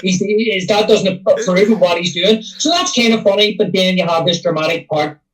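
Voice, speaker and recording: A man co-hosting a film podcast, talking in a relaxed, meandering way. His voice sits high and sounds a little distant from the microphone. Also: moderate pace, crowd noise. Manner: relaxed, meandering, many fillers. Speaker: podcast co-host. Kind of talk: casual film chat.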